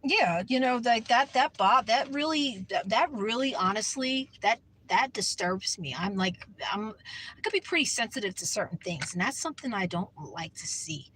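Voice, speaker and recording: A woman's voice: fairly high pitch, expressive, moderate pace, fairly bright tone, breathy edge, no room sound, low-quality recording. A woman vlogging from her parked car, talking earnestly in a rambling way and often repeating herself. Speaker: Christian vlogger. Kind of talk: casual talk to camera.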